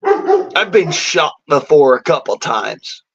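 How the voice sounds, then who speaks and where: A man's voice: a little high, wildly swooping pitch, takes it slowly, vocal fry, a bit bright, husky. A man delivering a defiant, boastful rant to camera, swearing heavily. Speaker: vlogger. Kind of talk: profane angry rant. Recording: dull lo-fi audio.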